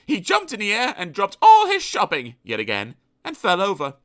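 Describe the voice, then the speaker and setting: A man's voice: high-pitched, huge pitch swings, normal speed. A man narrating a children's storybook aloud with playful asides to the listener. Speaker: audiobook narrator.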